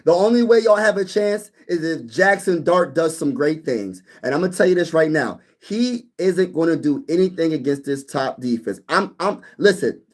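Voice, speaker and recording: Animated man hosting a sports live stream. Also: on the high side, normal speed, few pauses. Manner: animated, reads chat comments aloud and banters. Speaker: sports YouTube host. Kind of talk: casual live-stream chat.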